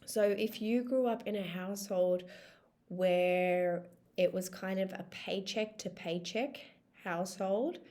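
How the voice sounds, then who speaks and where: A woman in her thirties coaching her viewers in a relaxed vlog monologue. She sounds chatty and emphatic, with a middle-pitched voice, and she swears casually to drive a point home. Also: takes it slowly. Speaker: life coach.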